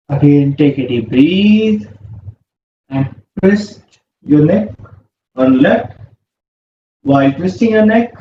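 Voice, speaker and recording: A man, leading a yoga class with calm, slow breathing cues. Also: fairly high pitch. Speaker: yoga instructor. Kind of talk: guided yoga instruction. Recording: roomy, distant, muffled with faint hum.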